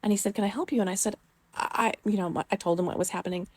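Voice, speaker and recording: A woman's voice: on the low side, little pitch movement, fast talker, a little mellow, no room sound. A middle-aged woman telling a personal story in a rambling, casual way, with many fillers and the odd swear word.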